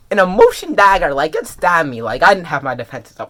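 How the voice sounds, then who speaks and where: A webcomic reviewer in an excited casual review, gushing and filler-heavy, jumping into high squeals and dropping to soft murmurs. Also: fairly quick, hardly any pauses. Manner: drops to soft, low murmurs when serious.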